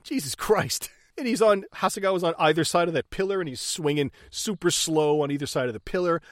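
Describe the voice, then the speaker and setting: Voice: medium pitch, brisk, no echo, studio quality. A speaker in casual, profane chat, recapping a movie with laughter and acted-out lines. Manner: profane, laughing, acts out characters.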